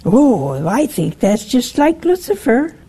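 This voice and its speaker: A woman delivers a sermon at an unhurried, deliberate pace. Her delivery is emphatic, lifting sharply on exclamations and then dropping back to a steady middle pitch. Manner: slow, emphatic preaching with rising exclamations. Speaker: preacher.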